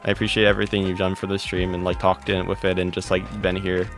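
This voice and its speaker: A man's voice: low-pitched, completely flat delivery, quick pace, fairly bright tone, faint music behind. A man streaming a game live, greeting chat viewers by name one after another and answering their questions with blunt, sarcastic asides.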